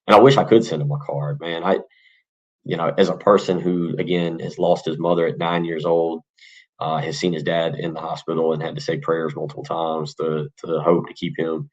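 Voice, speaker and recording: Podcast host in his forties, very deep husky voice, earnest and rambling, dull lo-fi recording. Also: flat delivery, normal speed. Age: 40s. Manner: earnest, rambling, with many restarts and fillers. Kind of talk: casual morning podcast talk.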